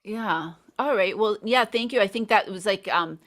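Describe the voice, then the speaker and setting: A middle-aged woman hosts a relaxed live conversation with a bright, forward tone at a medium pitch. She thinks aloud and softens her points with lots of fillers. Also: normal speed. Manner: thoughtful, hedging with fillers. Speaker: host, English teacher. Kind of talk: casual live interview.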